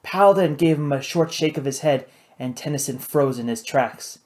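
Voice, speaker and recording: A man reading an adventure novel aloud in steady, measured scripted narration. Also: a little high. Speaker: audiobook narrator.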